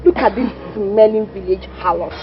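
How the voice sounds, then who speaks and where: A woman's voice: medium pitch, normal speed, soft background music, close to an everyday voice. A Nigerian actress playing a young bully who hurls insults at another girl in a film drama. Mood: insulting. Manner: abusive, shouting insults. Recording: slightly muffled dry film audio.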